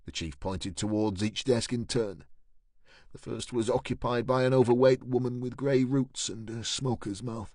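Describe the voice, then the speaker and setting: A man narrating a crime audiobook in a steady, measured way. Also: medium pitch, no echo, studio quality. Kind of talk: scripted narration.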